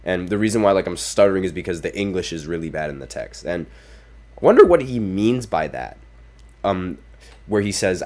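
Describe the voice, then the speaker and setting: Deep-voiced male sports podcaster. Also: moderate pace, darkish tone. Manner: opinionated, reads quotes aloud, apologetic asides. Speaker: podcast host. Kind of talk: casual sports commentary.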